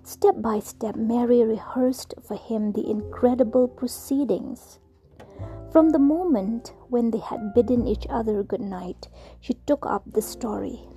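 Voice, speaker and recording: Slow, dark-voiced whispering woman storyteller. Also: fairly high pitch, soft background music. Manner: soft, slow whispered reading.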